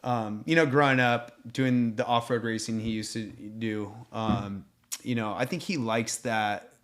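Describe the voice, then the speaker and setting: A man's voice: lowish voice, fairly even intonation, measured pace. A man co-hosting a casual racing chat, agreeable and a little hesitant, with frequent ums. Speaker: podcast co-host.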